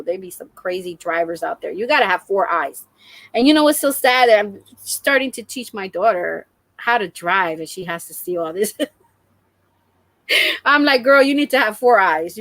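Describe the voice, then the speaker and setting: A middle-aged woman hosting a crafting live stream, telling a story in an animated, exclamatory way. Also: on the high side, dry recording. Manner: animated, exclamatory, acts out the scene.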